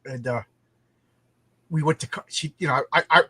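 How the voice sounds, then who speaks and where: A chatty man from New York hosting a livestream, talking in a loose, rambling way and tripping over his words. His voice sits a bit higher than most men's, and the sound is close and dry with no room around it. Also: normal speed, bright, forceful tone, slightly rough, no room sound. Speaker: livestream host. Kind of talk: casual livestream chat.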